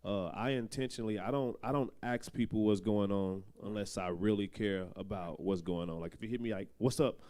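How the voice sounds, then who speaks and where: A man's voice: lowish voice, fairly quick, hardly any pauses, dark tone. A young man talking candidly and loosely in a panel discussion, laughing now and then.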